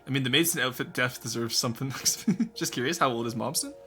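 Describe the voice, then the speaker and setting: Speaking a little fast in a mid-range voice, a young man casually chats with the viewers of his stream. He's animated, laughs frequently, and responds to chat.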